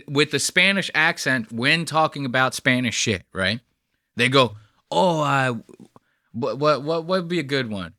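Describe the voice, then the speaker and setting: Host type: lively, bright-voiced man who rants and swears, dry close sound. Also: mid-range voice, no room sound. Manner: animated, swearing, mock-outraged rants. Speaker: show host and editor. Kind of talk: reaction commentary over a clip.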